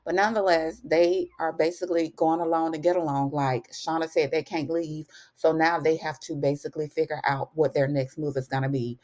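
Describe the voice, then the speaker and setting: A chatty woman with a lowish voice recaps a TV episode in a casual, slangy way. She keeps calling the listener honey and acts out each character's lines with lively, animated swings in tone. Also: fairly quick, hardly any pauses. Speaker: TV recap host.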